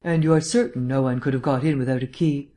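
An audiobook reader voicing an urbane, erudite gentleman detective who lectures in a polished, lightly teasing way. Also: mid-range voice, steady tone, fast talker, close to an everyday voice. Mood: probing. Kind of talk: audiobook reading.

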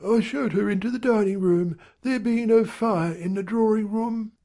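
A man voicing a young male manservant, blank-faced and discreet, in a high, hushed, deferential tone in a read-aloud story. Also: normal speed, creaky.

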